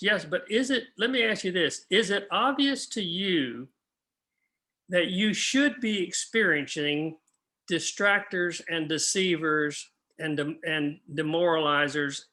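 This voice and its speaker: A man's voice: high voice, a little slow, pushed and bright. An older man teaching a Bible class in an earnest, practical way, often asking his listeners questions.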